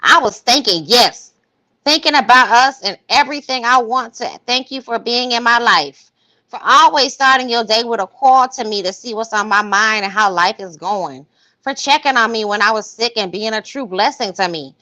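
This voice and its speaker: Parody read: woman doing a smitten, gushing lover, overdone sing-song, bright. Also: on the high side, normal speed, low-quality recording. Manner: exaggerated, mocking sing-song reading. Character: gushing infatuated woman writing love texts.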